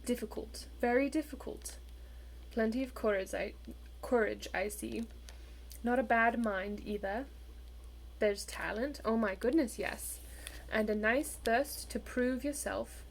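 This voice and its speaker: A woman voicing a wise old male talking hat that muses softly and coaxes. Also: on the high side, unhurried, creaky, slight background noise, low-quality recording. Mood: musing. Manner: soft, musing, coaxing.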